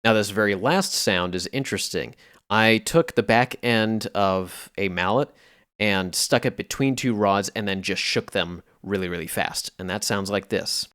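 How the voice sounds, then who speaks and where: A man casually explaining how he recorded and processed sounds for a music piece, in a relaxed way with a few fillers. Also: fairly low pitch, measured pace, smooth, no echo, studio quality. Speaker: music producer. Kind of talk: casual tutorial narration.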